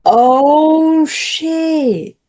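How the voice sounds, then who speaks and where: A woman's voice: sits high, expressive, drawn-out words, mellow. A young woman co-hosting a casual livestream, playful and teasing, swearing casually. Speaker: co-host guest on a stream.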